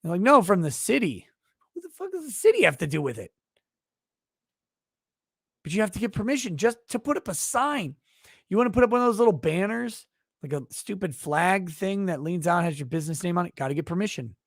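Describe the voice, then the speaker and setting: A man's voice: high voice, sing-song, fairly quick, vocal fry, no room sound, clean studio sound. Profane ranting male streamer. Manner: sarcastic, profane, rambling. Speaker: host. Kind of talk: ranting live-stream commentary.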